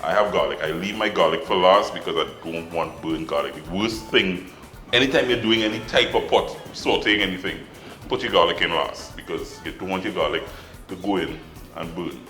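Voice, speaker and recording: Trini guy hosting a cooking show, deep voice, echoey room, bit of music behind. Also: a little fast. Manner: lively, chatty, laughs easily. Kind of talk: casual cooking chat.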